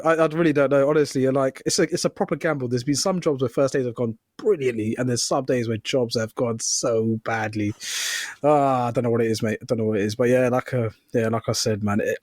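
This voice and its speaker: A man's voice: mid-range voice, fairly even intonation, fast talker, darkish tone, no room sound, studio quality. A young man co-hosting a podcast, chatting casually and laughing often as he tells stories. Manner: giggly, laughs often while telling stories. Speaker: podcast co-host. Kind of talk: casual chat.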